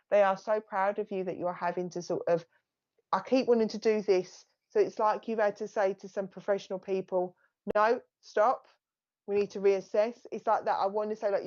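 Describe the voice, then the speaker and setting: A woman psychic medium talks through a live reading in a soft, chatty voice of middling pitch. She keeps stopping to thank the spirits she says are speaking to her. The stream audio is a little dull and lo-fi.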